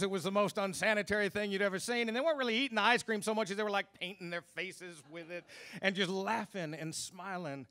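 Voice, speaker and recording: A man telling a personal story on stage at a live storytelling event, earnest, sinking to hushed low tones at grim moments. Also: no echo.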